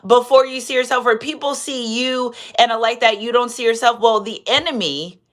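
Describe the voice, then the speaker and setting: Tarot lady doing a live reading, kinda high voice, preachy, says things twice. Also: normal speed, a bit bright. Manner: preachy, repeats phrases, quotes scripture. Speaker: tarot reader. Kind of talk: live tarot reading with scripture and shout-outs.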